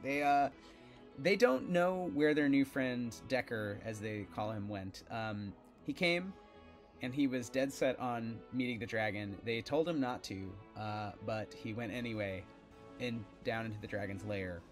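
A man's voice: medium pitch, a little slow, soft background music. A man narrating as game master in a loose, rambling way, full of fillers and asides.

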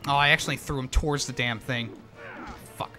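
A young man streaming a video game live, swearing and venting his frustration in loud outbursts. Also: mid-range voice, fairly even intonation, brisk, music in the background. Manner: exasperated, swearing, frequent outbursts. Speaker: gaming streamer. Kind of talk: live gameplay commentary.

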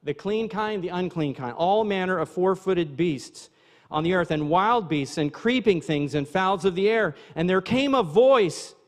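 High-voiced pastor preaching in a reverberant church. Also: male voice, normal speed. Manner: conversational preaching, asides to the congregation. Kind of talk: sermon. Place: church sanctuary.

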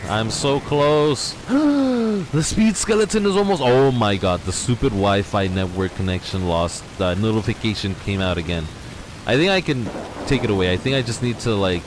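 A young man hosting a let's play, excitedly exclaiming and talking to his viewers from his garage. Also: on the low side, noisy background. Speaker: gaming channel host. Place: home garage.

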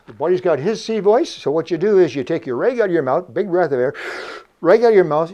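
A man's voice: fairly high pitch, darkish tone, dull audio. An older man from Canada hosting a casual show-and-tell about vintage diving gear, chatty and joking. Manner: chatty, jokey, laughs often. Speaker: vintage scuba show host.

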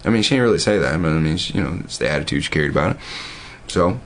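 A man's voice: a bass voice, lively intonation, rapid-fire, fairly bright tone. A man telling a long, loose story in casual, profane everyday talk, full of restarts and asides.

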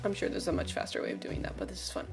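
A woman giving casual commentary while playing a video game, excitable and gasping, often dropping to quiet murmurs. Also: racing, over loud music. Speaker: gaming streamer.

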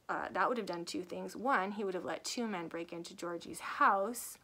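Woman author, chatty book-review vlogger; lively plot retelling with acted-out lines and easy laughter. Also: fairly low pitch, normal speed. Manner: laughs often while talking. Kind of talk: casual book review vlog.

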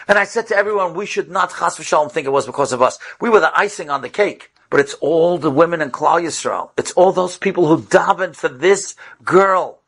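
A rabbi telling a story in an animated way, his voice jumping high at dramatic moments and sprinkled with Hebrew and Yiddish terms. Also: brisk, hardly any pauses, slightly rough. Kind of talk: storytelling talk.

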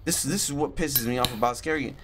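A man's voice: mid-range voice, fairly quick, noisy background. A man commentating a horror game, scared and tense, swearing and talking to himself as he plays. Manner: jumpy, swearing, talks to himself while playing. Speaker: gaming YouTuber.

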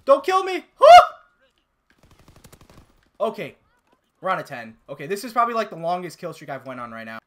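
A young man giving excitable, swear-heavy live commentary over his own gameplay, often bursting into yells. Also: on the high side, quick pace. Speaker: gamer and channel host.

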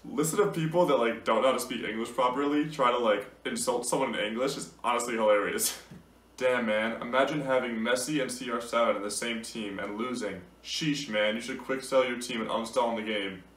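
A young man talks casually about gaming, amused and disbelieving, often breaking into laughter. His voice sits at an ordinary middle pitch. It sounds roomy and a little distant, as if the mic is set back across the room. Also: a little fast, fairly bright tone. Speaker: gaming YouTuber. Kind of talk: casual commentary reading out messages.

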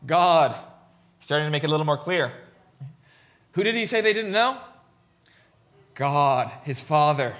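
A man's voice: on the high side, animated, normal speed, pauses often, a bit bright. A man preaching a sermon, reading scripture aloud and commenting emphatically, often checking in with "right?".

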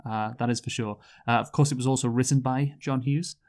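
A man with a mid-range voice, talking casually on a film podcast and filling his sentences with ums and ahs. He sounds relaxed and conversational. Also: medium pitch, brisk. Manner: chatty, hesitant, many fillers. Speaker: podcast co-host.

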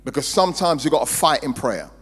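A male pastor, preaching a sermon in a church hall and swinging between loud emphasis and quiet storytelling. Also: on the high side, animated, fast talker, husky. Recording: reverberant hall with mains hum.

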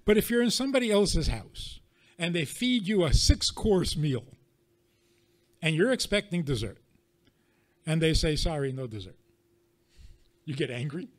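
Male rabbi, somewhat high voice, teaching a room through pointed rhetorical questions and dry homely examples. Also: lively intonation, normal speed, long pauses. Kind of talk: teaching talk to an audience.

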